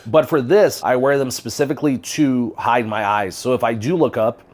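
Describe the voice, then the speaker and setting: Give me a man with a medium-pitched voice co-hosting a podcast, relaxed and a bit profane. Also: normal speed. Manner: relaxed storytelling with swearing and chuckles. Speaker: podcast co-host and camera operator. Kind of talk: casual chat.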